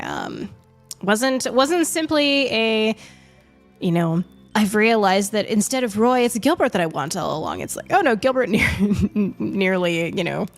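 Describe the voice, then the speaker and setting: A young woman reading a novel aloud on a live stream, expressive in the reading and chatty between chapters. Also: medium pitch. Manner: expressive reader, chatty and self-amused when talking.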